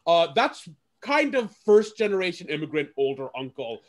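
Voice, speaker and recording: A man gives careful, measured answers on a discussion panel and hedges his points. His voice sits somewhat higher than most men's. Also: big pitch swings.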